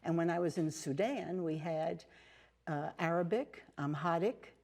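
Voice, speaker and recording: An older American woman speaks in a lowish, mellow voice. She tells her stories unhurriedly in a TV interview, with fillers and restarts. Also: unhurried. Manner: warm storytelling with fillers and restarts. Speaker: interview guest, nun and teacher. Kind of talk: casual interview talk. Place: TV studio.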